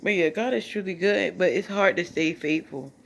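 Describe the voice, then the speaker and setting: A woman with a fairly low, gravelly voice speaks at a moderate pace, giving an emotional testimony into her phone at home at night. The vlogger is tearful, laughing and preaching at the same time.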